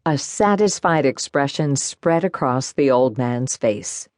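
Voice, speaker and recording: Woman narrator, audiobook, low pitch, dry studio sound. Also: lively intonation, slow, a little mellow, no echo. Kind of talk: first-person audiobook narration.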